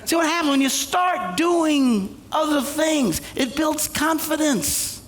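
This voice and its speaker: A man preaching a comedic sermon, retelling a story with jokes and suddenly shouting the characters' lines. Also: very high-pitched, slow, big-room sound, a faint crowd, a little hiss or hum. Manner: animated, jokey, acts out characters with shouted quotes. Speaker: pastor. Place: church auditorium.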